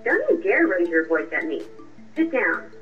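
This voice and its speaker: A woman voicing a sharp, confrontational young girlfriend in a radio drama, with a cutting, accusing way of talking. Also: medium pitch, wildly swooping pitch, normal speed. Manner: cutting, accusing, coolly triumphant. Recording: muffled distant voice with music.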